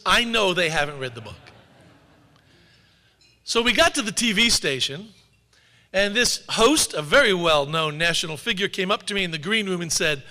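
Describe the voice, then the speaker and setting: A man's voice: high voice, expressive, normal speed, bright, forceful tone. Wry man speaking in an echoing hall. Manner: wry anecdotal storyteller. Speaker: author and speaker. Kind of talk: public talk to an audience. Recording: long hall reverb.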